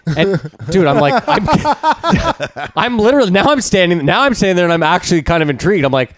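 A man's voice: high voice, sing-song, fast talker, dry recording, clean studio sound. A young man co-hosting a podcast, chatting casually and telling profane stories with acted-out quotes. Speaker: podcast co-host. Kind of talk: casual chat.

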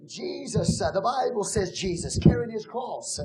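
A woman pastor preaching a fiery sermon in church, shouting with a breaking, impassioned voice. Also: on the high side, expressive, normal speed. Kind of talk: fiery Pentecostal-style preaching. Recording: music under the voice. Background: music playing.

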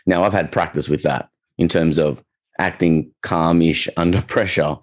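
Low-voiced chatty male dog trainer. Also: moderate pace. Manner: relaxed, chatty, acts out quoted reactions. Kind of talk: casual podcast chat.

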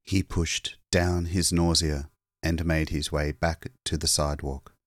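Man, deep voice, slow, lively intonation, audiobook narration, dry sound. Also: dry recording. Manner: measured, expressive storytelling. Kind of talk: scripted narration.

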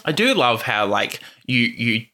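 Podcast guest, male, rambly and chatty, bright and animated delivery. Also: medium pitch, unhurried. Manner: chatty, rambling with many fillers. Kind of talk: casual chat.

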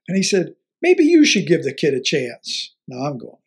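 An older man, a former football coach, telling a story in an interview in an animated way, acting out the dialogue and chuckling often. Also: a little high, a little fast, slightly rough.

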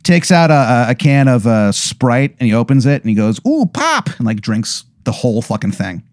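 A man's voice: mid-range voice, fairly quick, darkish tone, no room sound, clean studio sound. A young man telling a long comedic hypothetical, rambling and profane, with many fillers. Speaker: podcast co-host. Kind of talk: comedic storytelling.

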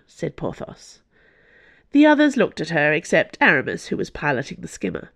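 A woman narrating an audiobook in a measured, even way. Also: deep voice, gravelly, dry recording. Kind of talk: scripted narration.

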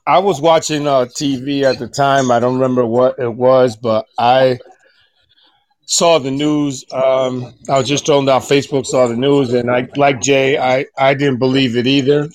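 A man's voice: mid-range voice, steady tone, no echo. A middle-aged man on a podcast, talking casually and with feeling, often stumbling and restarting his sentences. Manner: halting, many restarts and fillers. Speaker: podcast guest. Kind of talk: casual emotional chat.

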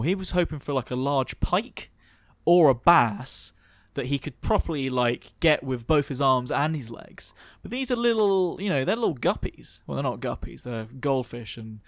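A man's voice: mid-range voice, animated, moderate pace, no room sound. Game master, man, mid-range voice, giggly playful narration.

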